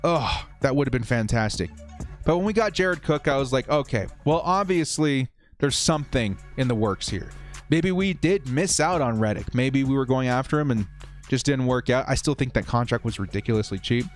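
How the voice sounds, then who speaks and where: A man hosting a casual football live-stream, reading viewer comments and giving animated, fired-up opinions. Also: mid-range voice, normal speed, soft background music.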